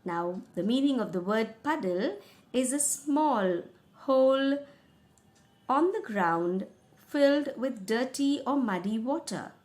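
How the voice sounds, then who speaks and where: A woman's voice: on the high side, animated, takes it slowly, a little mellow. A woman teacher, patiently reading a school play aloud and explaining each passage in simple words.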